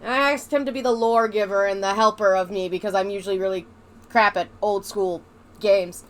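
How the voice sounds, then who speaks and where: A woman's voice: mid-range voice, fairly even intonation, brisk. A young woman playing a video game and chatting, playful and sarcastic. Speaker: gamer. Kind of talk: let's play commentary.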